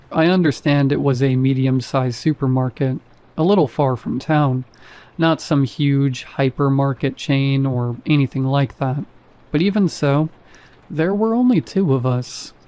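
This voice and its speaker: A man's voice: mid-range voice, mellow. A man reading a first-person horror story aloud in a wry, casual storytelling manner. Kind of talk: scripted first-person narration.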